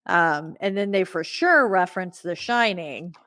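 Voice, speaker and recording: A woman with a lowish voice chats through a movie recap on a podcast, filling her sentences with "like" and "um". The sound is dry and close, with no room around her. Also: animated, unhurried, a bit bright, no echo. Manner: chatty, many fillers, acts out quotes. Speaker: podcast co-host. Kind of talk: casual movie recap chat.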